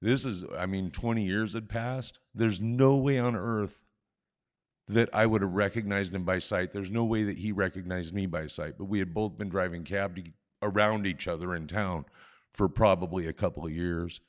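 Older male storyteller with a lower voice, animated and self-deprecating, chuckling through a story into a stage mic. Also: moderate pace. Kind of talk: live personal storytelling. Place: on stage at a live event. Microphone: stage microphone.

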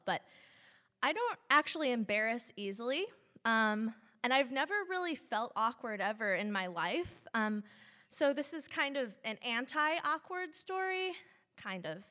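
A woman's voice: on the high side, expressive, moderate pace, pushed and bright. A woman in her twenties from Missouri tells a personal story to a live audience, chatty, with many ums and laughing asides. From St. Louis, Missouri, US.

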